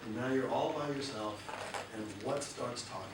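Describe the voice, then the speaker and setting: A man speaking as a motivational seminar speaker in a lively way and asking the audience questions. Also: mid-range voice, normal speed. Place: large hall with audience. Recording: echoey hall, distant mic, noisy.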